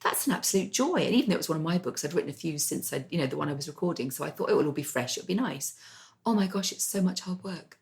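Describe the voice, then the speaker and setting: A woman's voice: on the low side, animated, rapid-fire, vocal fry, few pauses, darkish tone. A woman novelist co-hosting a casual chat, chatty and self-deprecating, with rambling asides. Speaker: podcast co-host, novelist.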